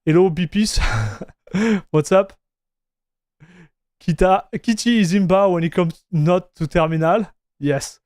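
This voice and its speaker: Guy on a live stream greeting chat, kinda high voice, clean and smooth, lots of restarts. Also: slow, pauses often, darkish tone, dry recording, clean studio sound. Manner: chatty, greets viewers, reads chat aloud; frequent restarts and fillers.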